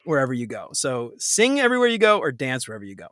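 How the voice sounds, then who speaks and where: A man hosting a casual live Q&A, joking and laughing often as he runs through quick questions. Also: medium pitch, huge pitch swings, a bit bright, no echo, clean studio sound. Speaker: host.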